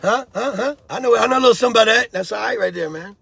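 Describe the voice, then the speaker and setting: A man with a high, gravelly voice, husky at the edges, delivering blunt streetwise commentary. He lectures the viewer like a friend, with lots of "bro" and "homie". The sound is close and dry. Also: very fast, fairly bright tone, no echo. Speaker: host of a prison-life commentary channel. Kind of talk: casual commentary vlog.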